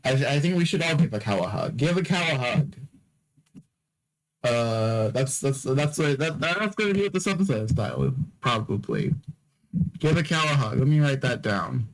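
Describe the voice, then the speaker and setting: A male podcast host speaks expressively at normal speed in a mid-range voice, captured on a low-quality recording. His casual, wandering monologue is drowsy and full of yawns between topics, stammered restarts, and repetition.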